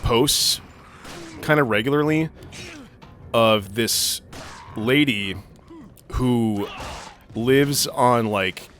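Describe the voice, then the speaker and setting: A man's voice: mid-range voice, drawn-out words, long pauses, a bit bright, faint music behind. Rambling young man telling a story mid-game. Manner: rambling, filler-heavy, swears while playing. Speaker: gaming channel co-host. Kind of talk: casual let's-play storytelling.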